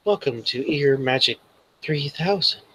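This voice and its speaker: A man's voice: on the high side, animated, a little slow, fairly bright tone, breathy edge, heavily acted, rough recording. A man voicing a cheery computer in an earpiece, announcing in short robotic prompts.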